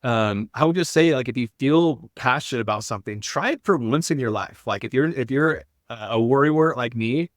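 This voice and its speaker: A man's voice: medium pitch, a little fast, hardly any pauses, dry recording, clean studio sound. A man speaking as a podcast guest in an earnest, self-deprecating way, hesitating and restarting often. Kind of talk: casual podcast interview.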